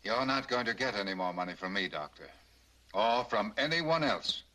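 An intense grieving husband. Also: male voice, on the low side, lively intonation, moderate pace, poor audio. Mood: cold, threatening. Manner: quietly intense, pleading then threatening. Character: grieving wealthy husband confronting a baby-selling doctor. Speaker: film actor. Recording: old 1930s film soundtrack.

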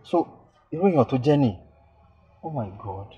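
A hurt young fiancé, pleading and exasperated with a lively, swinging pitch. He keeps soothing his crying lover in a film drama. The audio is dull and lo-fi. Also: a little fast, breathy edge, faint music behind. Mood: upset. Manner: pleading and exasperated, switching between soothing and raised voice.

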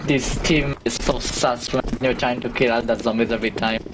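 A man's voice: medium pitch, steady tone, moderate pace. A man leading his team in a shooter game over voice chat, urgently repeating orders and swearing now and then. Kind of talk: shouted in-game team callouts. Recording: heavy gunfire noise from the game.

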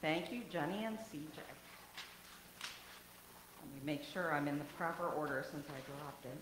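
Slow, low-voiced woman pastor in echoey church. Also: noisy background. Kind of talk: leading worship. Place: church sanctuary.

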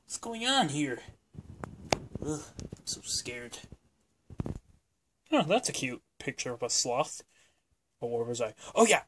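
A man's voice: medium pitch, very animated, takes it slowly, long pauses, slight background noise. A man voicing a brave, curious dinosaur in a homemade toy adventure, jumpy and talking to himself. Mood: nervous. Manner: jumpy, talks to himself, shouts when startled.

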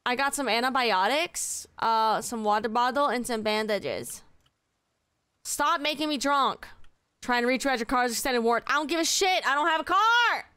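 Young woman streamer, high bright voice, exasperated and swearing, dry close mic. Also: expressive, moderate pace, smooth, no room sound. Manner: exasperated, swearing, yelling at chat. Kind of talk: live game streaming.

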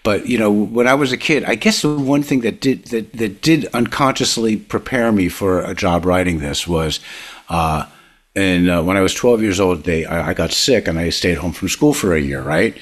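An older man spins long, animated show-business anecdotes as a podcast guest, laughing along as he goes. His voice sits low and husky. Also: moderate pace. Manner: animated, rambling storyteller, laughs often. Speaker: guest, comedy writer and producer. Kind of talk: casual anecdotal storytelling.

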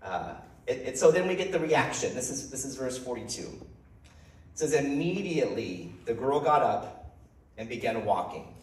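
A man's voice: medium pitch, very animated, normal speed, a little mellow, far from the mic. A man preaching a conversational sermon, restarting and repeating words as he talks, with light laughs. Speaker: pastor. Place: church hall. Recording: roomy hall sound from off-mic.

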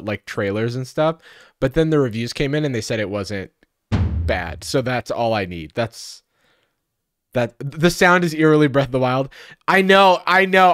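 A man's voice: mid-range voice, fairly bright tone, dry recording, studio quality. Chatty man streaming a video game. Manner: chatty and jokey, lots of fillers. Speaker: live-stream host. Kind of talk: casual gameplay commentary.

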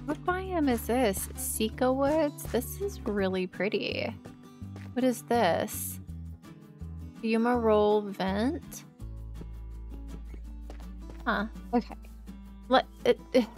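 A woman's voice: medium pitch, fairly bright tone. A young woman, hosting a casual gameplay let's play, chatty and easily distracted, exclaiming often. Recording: light background music.

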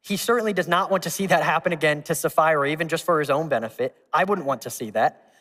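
A man's voice: a little high, quick pace, fairly bright tone. A young man preaching a casual, conversational sermon, telling a personal story to his congregation. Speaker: pastor. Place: church hall. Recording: long church hall reverb.

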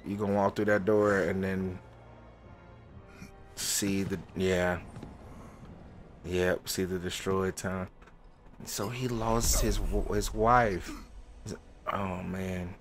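A man with a lowish voice talks through a game in casual let's play style, rambling and thinking out loud. He reacts with open emotion, and faint game music sits underneath. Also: steady tone, slow pace, long pauses. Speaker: gaming host.

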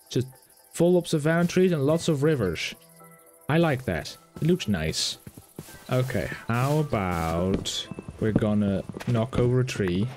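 A man's voice: medium pitch, darkish tone. A man giving casual, chatty commentary as he plays, joking with the characters he meets. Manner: chatty, talks to game characters, playful asides. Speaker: gaming YouTuber.

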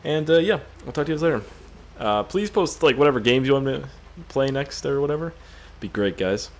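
A man's voice: mid-range voice, animated, fairly quick. A young man hosting a gaming video with crude, joking, rambling commentary.

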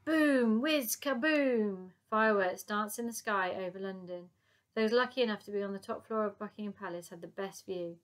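A woman narrating a children's audiobook in a lively, expressive reading. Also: medium pitch, a little fast.

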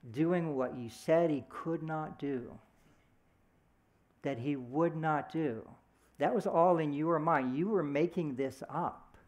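A man's voice: fairly high pitch, darkish tone. Man preaching a casual, story-driven sermon. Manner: conversational storytelling with brief voiced quotes. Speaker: speaker at a church service.

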